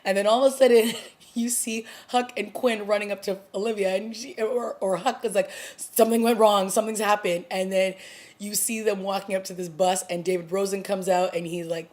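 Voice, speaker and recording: A woman vlogger casually recapping a TV episode, chatty and animated, acting out the characters' lines as she goes. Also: medium pitch, moderate pace. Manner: chatty, animated retelling with acted-out quotes. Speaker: TV review vlogger.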